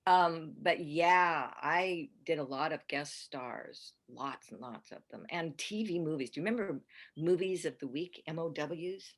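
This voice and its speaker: An older actress, a guest on a podcast, chatting casually and rambling warmly through her stories with restarts and easy laughter. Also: low-pitched, a little slow. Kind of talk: casual podcast interview chat.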